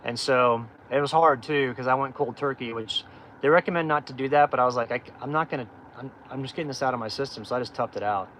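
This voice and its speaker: A middle-aged man speaks off the cuff in a casual livestream, circling back and restarting his sentences. His voice sits at an ordinary middle pitch. Faint outdoor noise runs underneath. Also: quick pace, fairly bright tone, low-quality recording. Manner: rambling, candid, many fillers and restarts. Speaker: off-grid channel host.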